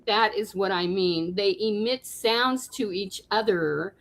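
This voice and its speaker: A woman appearing as a guest on a call-in show, explaining things in a measured, earnest way. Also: medium pitch, fairly bright tone, poor audio. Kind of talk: casual call-in chat.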